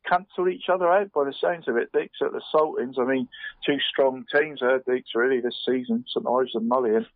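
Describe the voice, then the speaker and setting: A radio sports presenter chats through a casual round-up of local football results, restarting his halting sentences and adding "mate" to almost every phrase. His middle-pitched voice has fairly even intonation. The audio is thin and tinny, phone-line quality, and completely dry.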